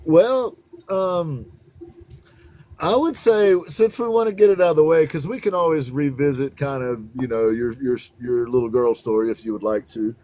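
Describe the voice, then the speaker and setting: A man hosting an interview, asking gentle and hesitant questions. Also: a little high, normal speed. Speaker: host. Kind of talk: casual interview.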